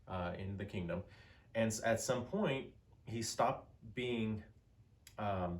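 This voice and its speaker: A teacher with a lowish voice gives a casual history lecture, telling the story conversationally with many fillers and acting out the quoted lines.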